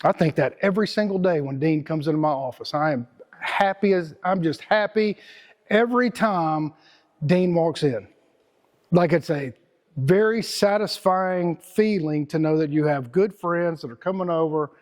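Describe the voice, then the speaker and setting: A man's voice: on the high side, expressive, normal speed, darkish tone. A middle-aged man with a Texan accent giving a casual, rambling motivational talk as host, repeating words and using slang.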